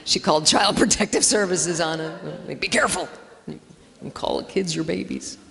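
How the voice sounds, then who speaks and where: A woman's voice: on the low side, normal speed, vocal fry, a bit bright, slight background noise. A woman doing a chatty, self-mocking stand-up set in a church hall, acting out dialogue in funny voices. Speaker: stand-up comedian. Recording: live in a reverberant hall.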